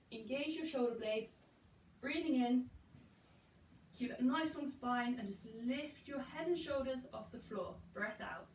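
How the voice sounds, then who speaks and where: Pilates coach in an echoey room. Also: female voice, high-pitched, far from the mic. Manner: encouraging, counts reps aloud. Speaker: pilates instructor. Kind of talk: guided workout instruction. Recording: echoey room, voice from afar, faint hiss.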